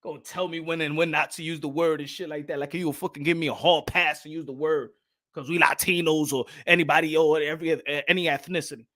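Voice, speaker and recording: A man's voice: fairly high pitch, steady tone, fast talker, sharp tone. A man from New York with a New York accent, talking in a loose, profane, laughing monologue as a boxing channel host. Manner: loose, swearing, laughing often.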